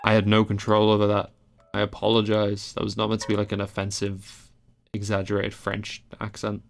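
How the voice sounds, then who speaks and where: A man's voice: fairly low pitch, monotone, moderate pace, creaky. A man commentating as he plays a game, reading its text aloud with dry asides and swearing and yelping when startled. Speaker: let's play gamer. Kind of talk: casual gameplay commentary.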